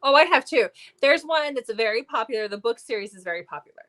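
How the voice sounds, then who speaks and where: A woman's voice: a little high, animated, quick pace, a bit bright. A woman co-hosting a book review show, chatting casually and animatedly with lots of fillers. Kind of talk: casual chat.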